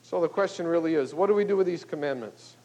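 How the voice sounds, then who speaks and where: An older male pastor delivers a sermon in a relaxed, conversational way, checking in with his listeners as he goes. His voice sits fairly high for a man. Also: fast, low-quality recording. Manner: conversational, folksy, with frequent "okay?" and "you know".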